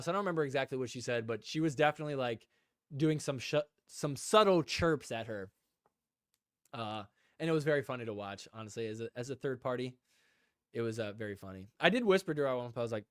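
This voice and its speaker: A man's voice: mid-range voice, animated, fast talker, clean tone, dry recording, clean studio sound. A man hosting a casual live stream, rambling with lots of "like" and talking to viewers in the chat. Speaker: podcast host.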